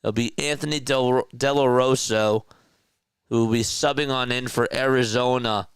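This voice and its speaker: A man with a South Jersey accent calling a basketball game as a casual live-stream play-by-play commentator, chatty and quick to correct himself. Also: medium pitch, steady tone, smooth, no room sound, studio quality. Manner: chatty, laughs easily, corrects himself mid-call.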